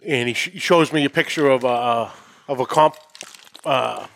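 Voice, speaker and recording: A man's voice: medium pitch, moderate pace, gravelly, a bit bright. A man co-hosting a podcast who teases his partner with dry interjections. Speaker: podcast co-host. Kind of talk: casual teasing banter.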